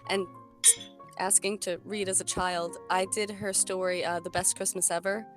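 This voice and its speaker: This is a friendly woman narrator joining a casual panel chat. She sounds a little nervous and hesitant as she talks. Music is clearly heard behind her. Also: fairly low pitch, little pitch movement, moderate pace. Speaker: story narrator guest.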